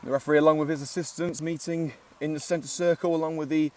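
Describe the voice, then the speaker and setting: A chatty man calls a football match live from an outdoor ground, filling pauses with "uh" and cracking jokes. His voice sits fairly high, and he sounds a little distant from the mic. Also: steady tone, darkish tone, a little hiss or hum. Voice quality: chatty, joking, many filler "uh"s. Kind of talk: live amateur match commentary.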